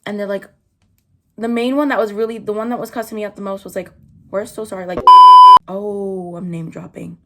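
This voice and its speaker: A young woman talking through a story as she does her makeup. She is chatty and casual, swears freely, and slips into the voices of the people she quotes. Her voice sits at an ordinary middle pitch for a woman. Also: fairly even intonation, fairly quick, darkish tone, slight background noise. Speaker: vlogger. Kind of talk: storytime chat while doing makeup.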